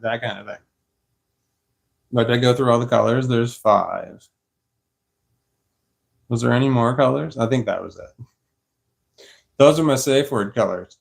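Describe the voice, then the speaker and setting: A man's voice: medium pitch, unhurried, gravelly, long pauses. Rambling, cursing man talking to camera. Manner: rambling, profane, laughs often. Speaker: vlogger. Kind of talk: casual monologue to camera.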